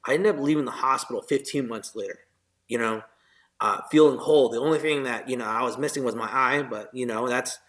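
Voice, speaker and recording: A man's voice: medium pitch, fairly quick, a bit bright. A man, a military veteran, earnestly telling his personal story as a guest in a podcast interview, with many fillers and tag questions.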